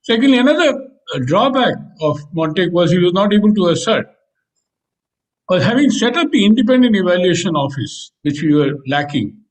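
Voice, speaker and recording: Indian man, higher voice, halting panel talk. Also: poor audio. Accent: Indian English. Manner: hesitant, many fillers. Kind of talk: panel discussion.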